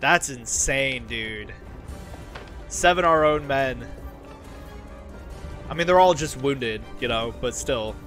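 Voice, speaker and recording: A man giving excitable gameplay commentary, exclaiming often as the fight unfolds and rallying his troops. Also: mid-range voice, slow, pauses often, soft background music. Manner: rallies his game troops with shouted battle cries. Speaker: gaming video host.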